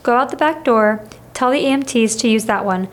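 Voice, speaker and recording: A woman reading the lines of an injured old woman who runs a tea shop, with a raspy, strained, tight voice. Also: on the high side, a little fast, natural voice. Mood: pained. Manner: tight, pained.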